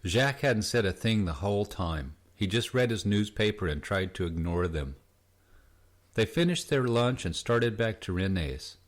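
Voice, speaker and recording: Guy with a really low voice reading a book aloud, lots of ups and downs. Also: expressive, moderate pace. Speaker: audiobook narrator. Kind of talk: scripted narration.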